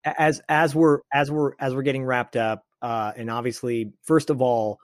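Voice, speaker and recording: Earnest stammering podcast host. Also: male voice, mid-range voice, fairly even intonation, no echo, studio quality. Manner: halting, repeats words, earnest. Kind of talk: casual interview chat.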